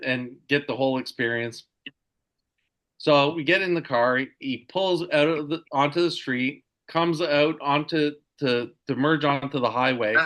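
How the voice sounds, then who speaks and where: A man's voice: mid-range voice, pushed and bright. Man telling a story with many restarts. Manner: halting, with many restarts and fillers. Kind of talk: casual storytelling.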